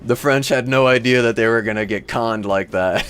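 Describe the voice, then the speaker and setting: This Midwestern-accented livestream host from Michigan has a mid-range, fairly bright voice and a moderate pace. He chats casually with his viewers, wandering off on tangents and laughing often.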